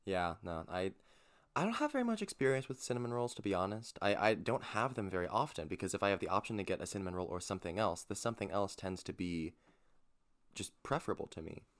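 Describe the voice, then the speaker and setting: A young man with a very deep, low voice co-hosts a casual podcast. He lays out his opinions earnestly and step by step, often restarting mid-sentence. The tone is friendly and conversational. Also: animated, fast, a bit bright. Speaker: podcast co-host. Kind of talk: casual chat.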